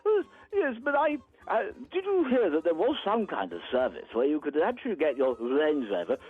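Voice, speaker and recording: A man with a plummy, calls in over the phone and drawls his answers deadpan. His voice sits high and rises and falls dramatically. The line sounds dull and lo-fi, and music plays faintly behind him. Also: moderate pace. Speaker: caller. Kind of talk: comic mock-posh phone banter.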